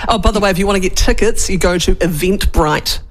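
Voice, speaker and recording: An upbeat woman, co-hosting talk radio. She chats casually and warmly, stumbling over ums as she runs through announcements. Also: mid-range voice, fast talker, crowd noise. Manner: chatty, upbeat, many ums. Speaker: radio co-host.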